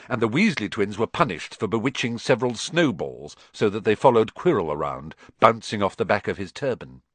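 A man narrating an audiobook with expressive storytelling. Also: lowish voice, no echo. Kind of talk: scripted narration.

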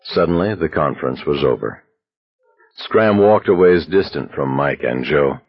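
A man narrating an audiobook in an expressive, dramatic reading style, in a slightly muffled recording. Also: a bass voice, a little slow, breathy edge, no room sound. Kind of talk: scripted narration.

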